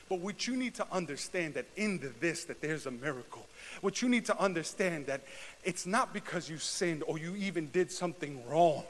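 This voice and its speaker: A man preaching a sermon, talking back and forth with the congregation and building to loud, drawn-out shouted climaxes. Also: fairly high pitch, lively intonation. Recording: long hall reverb.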